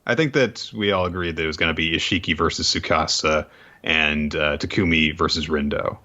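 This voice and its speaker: Deep man with a bright, lively voice, lo-fi. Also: brisk. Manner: loose, summarizing with many ums and asides. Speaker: podcast co-host. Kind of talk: casual chat, summarizing the story. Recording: dull lo-fi mic.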